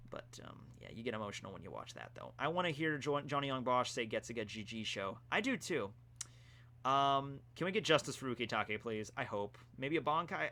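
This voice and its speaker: Young guy rambling thru stream questions, bright forceful voice, laid back. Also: medium pitch. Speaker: streamer answering chat questions. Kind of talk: casual live-stream chat.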